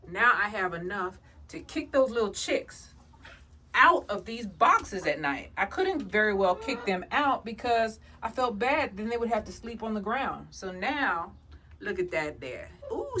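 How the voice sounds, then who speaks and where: A woman's voice: medium pitch, very animated, a little slow, sharp tone, a little hiss or hum. A woman homesteader recording a casual vlog outdoors at her backyard coop, playfully teasing and talking to her hens as if they were children.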